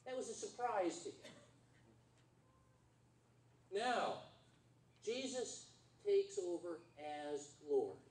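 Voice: mid-range voice, very animated, drawn-out words, long pauses, a little mellow. Conversational pastor preaching in an echoey church. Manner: conversational, quizzes the congregation. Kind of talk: sermon. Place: church sanctuary. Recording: roomy church hall from far off, faint noise.

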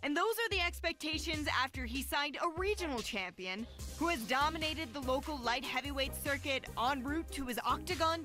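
A woman voicing a video game's sports news presenter who reads a short scripted update in a polished broadcast manner. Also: high voice. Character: upbeat female fight-news presenter.

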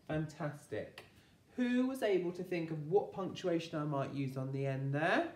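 Woman teacher, English accent, slow, low-pitched, sounding out phonemes, echoey room heard from a distance. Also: sing-song, darkish tone. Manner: encouraging, clear classroom delivery. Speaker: primary school teacher. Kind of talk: phonics lesson for young children.

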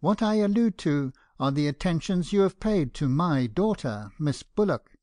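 A man's voice: fairly high pitch, animated, normal speed, darkish tone, dry recording, clean studio sound, voice pushed up, natural voice. A man reading an audiobook and voicing a stern, indignant middle-aged father with a severe, accusing manner. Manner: severe, accusing, rising to outbursts. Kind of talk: audiobook character voice.

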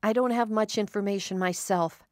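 A woman voicing a calm, kind psychologist who speaks gently and reassuringly. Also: medium pitch, normal speed, dry recording, clean studio sound, lightly acted. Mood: gentle.

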